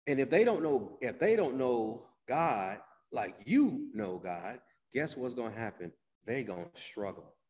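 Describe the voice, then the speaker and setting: Man preaching with hushed-to-loud swings. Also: mid-range voice, sing-song. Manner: drawn-out, repeated phrases, addresses listeners by name. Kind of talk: sermon. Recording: long hall reverb.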